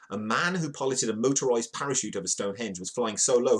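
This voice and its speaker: Male streamer hosting an offhand news segment: low, slightly husky voice, playful asides to chat. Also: expressive, quick pace, few pauses. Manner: reads headlines aloud, greets chat viewers, playful. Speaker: livestream host. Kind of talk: casual news read-through with jokey asides.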